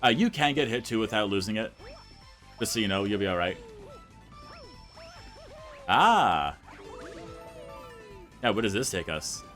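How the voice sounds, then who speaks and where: A young man with a lowish voice chatting loosely over his gameplay, rambling as he goes and filling nearly every sentence with "like". It is relaxed let's play commentary with faint game music under him. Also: a little slow, long pauses.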